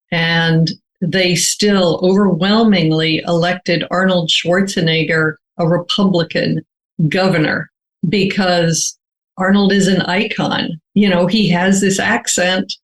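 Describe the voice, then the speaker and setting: An older American woman, an author, answering interview questions in a measured, thoughtful way, slowly stretching her key words. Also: lowish voice, steady tone, low-quality recording. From United States.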